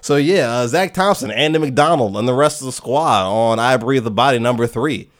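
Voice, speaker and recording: A young man hosting a casual chat, recapping a story in an animated way and acting out characters' lines with laughter and swearing. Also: mid-range voice, moderate pace. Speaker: podcast host reviewing comics.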